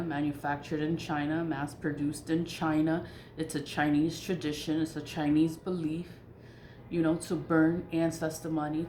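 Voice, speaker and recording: A woman talking casually and frankly about her spiritual practices, emphatic and quick to laugh. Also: deep voice, a little mellow. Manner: frank, emphatic, laughs often and swears in asides. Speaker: spiritual vlogger. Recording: echoey room with faint noise.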